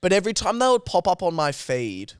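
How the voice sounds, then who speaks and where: Playful Aussie co-host, clear smooth tone, lively pitch, dry room. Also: male voice, brisk, no room sound. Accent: Australian. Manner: teasing, playful. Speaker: podcast co-host. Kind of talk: casual chat. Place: podcast studio.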